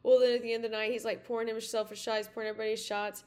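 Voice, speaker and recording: A woman's voice: fairly high pitch, level tone, racing, a little mellow. A woman hosting a podcast, telling a story in a casual, rambling way full of "like" and "you know.". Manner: chatty, full of "like" and "you know", many restarts. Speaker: podcast host.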